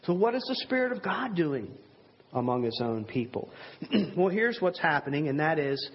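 A man's voice: a little high, very animated, moderate pace, slightly rough, muffled recording. A man preaching a sermon in an earnest, conversational way with rhetorical asides. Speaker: pastor.

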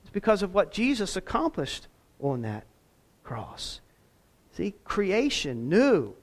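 A man's voice: high voice, wildly swooping pitch, slow. A man preaching a sermon as pastor, talking in a conversational way with self-deprecating asides.

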